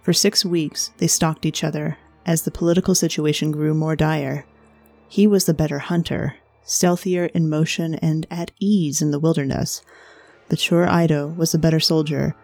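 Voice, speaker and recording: A woman narrates a story in a measured, even manner. Her voice is low and mellow. Faint music plays under her. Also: husky.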